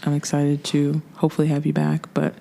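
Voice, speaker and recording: A woman's voice: deep voice, completely flat delivery, a little fast, vocal fry, mellow, a little hiss or hum. Woman hosting a faith podcast, grateful, bit emotional. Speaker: podcast host. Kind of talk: casual faith podcast chat.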